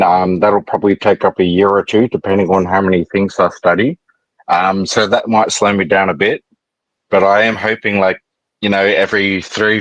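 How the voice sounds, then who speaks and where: A man from Australia with a low voice talks easily as a guest in a book chat, pausing often with fillers. His sound is dry and close, with no room around it, over a video call. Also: fairly bright tone, no room sound, rough recording. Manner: easygoing, many fillers. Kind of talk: casual chat.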